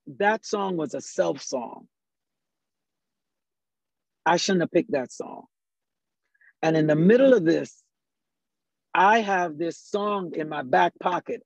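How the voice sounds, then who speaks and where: A man with a fairly high speaking voice tells church stories, lively and quick, and often quotes his own thoughts. The sound is dry and a bit dull, with no room around it. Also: no room sound. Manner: lively, talks fast, quotes himself in asides. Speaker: worship leader. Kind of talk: conversational storytelling. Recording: slightly dull, dry recording.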